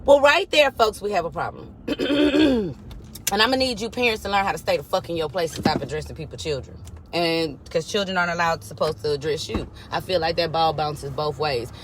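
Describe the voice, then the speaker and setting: Profane, animated woman telling a story. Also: fairly low pitch, a little fast. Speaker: vlogger. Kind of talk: casual storytelling rant. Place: in a car. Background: faint car noise.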